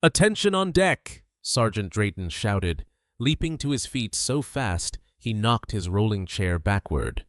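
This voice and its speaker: A man reading a dramatic story as a narrator, in a measured storytelling manner. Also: lowish voice, lively intonation, dry recording, clean studio sound.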